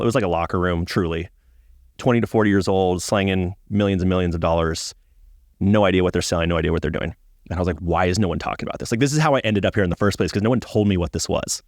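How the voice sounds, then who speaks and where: A man's voice: low voice, no room sound, studio quality. A man, telling self-mocking, profane stories as a podcast guest. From Atlanta, US. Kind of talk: casual interview storytelling.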